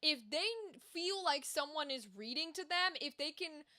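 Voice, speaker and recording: A woman's voice: high-pitched, animated, normal speed, sharp tone. A woman streaming as a voice actor, chatting casually and candidly, swearing freely with lots of asides. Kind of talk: casual livestream chat.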